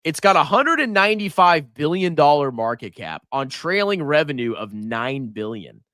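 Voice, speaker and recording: A man hosting a finance livestream, ranting and mocking in an animated voice that swings between loud outbursts and mutters. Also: a little high, normal speed, no room sound, studio quality. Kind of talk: livestream rant and stock commentary.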